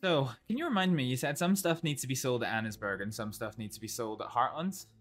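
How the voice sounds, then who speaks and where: Woman doing Thomas, a soft-spoken newcomer. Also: very deep voice, animated, quick pace. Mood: easygoing. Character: Thomas, a newly arrived Scottish man, mild and easygoing. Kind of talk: in-character role-play. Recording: faint game music behind.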